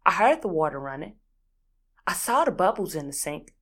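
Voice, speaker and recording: A woman's voice: fairly low pitch, moderate pace. Sassy ranting woman podcast host. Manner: animated, sassy, exasperated ranting. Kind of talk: casual solo podcast rant.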